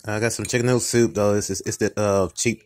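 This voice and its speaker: A man's voice: on the low side, steady tone. Tired, upset man ranting on a vlog. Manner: halting and repetitive, frequent restarts and fillers. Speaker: vlogger. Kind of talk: casual mukbang vlog talk.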